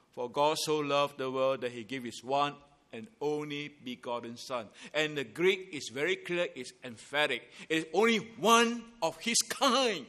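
A man preaching a Good Friday sermon in an emphatic, deliberate way, stressing his key phrases. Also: fairly high pitch, sharp tone.

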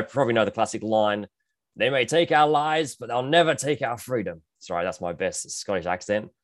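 Earnest pastor with a low voice, dry sound. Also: male voice, no room sound. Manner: gentle and earnest, with frequent ums and restarts. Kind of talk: sermon over video call.

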